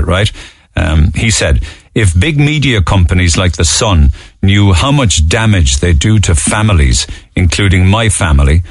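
Man, radio host, very low voice, dry studio sound, chatty, lots of ums. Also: no echo. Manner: conversational, lots of filler ums and uhs. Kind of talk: radio news roundup and chat.

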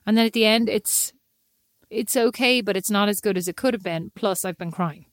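An Irish woman in her thirties co-hosting a podcast, telling animated stories and laughing often. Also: mid-range voice, moderate pace, dry recording, clean studio sound. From Ireland. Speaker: podcast co-host. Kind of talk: casual chat.

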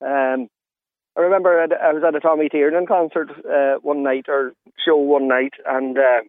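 A man's voice: a little high, steady tone, moderate pace, no room sound. A man with a Donegal Irish accent, chatting as a radio guest and rambling with lots of fillers. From Donegal, Ireland. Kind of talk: radio phone-in chat. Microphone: telephone line. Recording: tinny phone line, dry.

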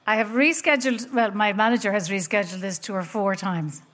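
A woman's voice: mid-range voice, brisk, a bit bright. A middle-aged Irish woman comedian chatting as a guest, telling wry stories and laughing through them. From Ireland. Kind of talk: casual chat with storytelling.

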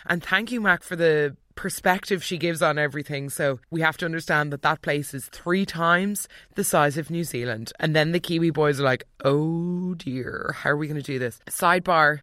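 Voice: mid-range voice, bright, forceful tone, dry recording, clean studio sound. Chatty, opinionated soap recap host. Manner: chatty and opinionated, acting out characters' lines in quick asides. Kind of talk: casual TV episode recap.

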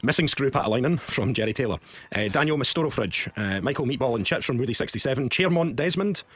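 A man's voice: mid-range voice, lively intonation, fast talker, fairly bright tone. A young Scottish man co-hosting a football podcast, teasing his co-host and chuckling as he reads listener jokes aloud. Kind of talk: casual podcast chat.

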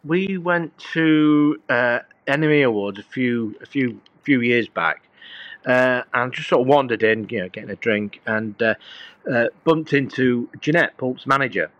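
A man's voice: mid-range voice, measured pace, no echo, dull audio. A middle-aged man, a guest musician, telling rambling anecdotes in casual conversation with many fillers and restarts.

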